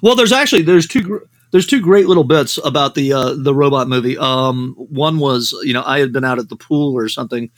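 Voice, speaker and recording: A man's voice: medium pitch, brisk, hardly any pauses, no room sound. A man, a novelist and screenwriter, telling rambling anecdotes as a podcast guest, full of "you know" fillers.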